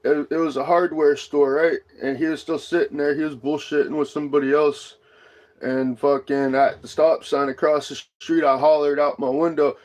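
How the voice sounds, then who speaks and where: Profane, high-strung man ranting. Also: flat delivery, moderate pace, a little mellow. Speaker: livestream host. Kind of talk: casual livestream chat.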